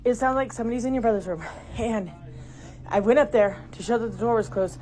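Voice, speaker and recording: A woman's voice: fairly high pitch, fast talker, mellow. A middle-aged woman filming inside her house on a phone, talking urgently to viewers, frightened and dropping to whispers. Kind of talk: handheld home video talking to viewers. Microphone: phone camera. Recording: home phone video with clear background noise.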